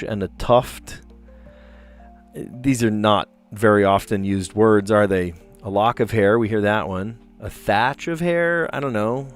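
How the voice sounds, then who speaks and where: Rambling American male puzzle streamer with a somewhat low voice over faint music. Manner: rambling, chatty, tags "right?". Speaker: puzzle livestream host. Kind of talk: casual chat while solving puzzles.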